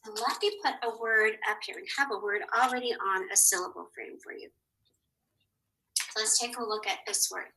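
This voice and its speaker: A woman teaching a phonics lesson to young children, patient and encouraging, sounding out words slowly. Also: mid-range voice, pushed and bright, rough recording.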